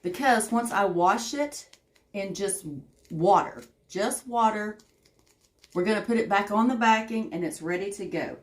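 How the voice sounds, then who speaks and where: A woman's voice: mid-range voice, a little slow. A woman with a Southern accent chatting casually on a craft livestream, greeting viewers by name as she works. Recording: echoey room.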